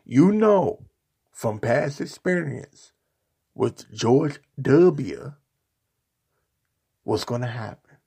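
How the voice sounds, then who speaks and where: A man's voice: mid-range voice, very animated, extremely slow, creaky, pauses often, dark tone, breathy edge. A man delivering a sarcastic, mocking opinion rant on a vlog, hammering his points with repetition and insults. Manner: repetitive, emphatic rhetoric. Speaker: political commentator.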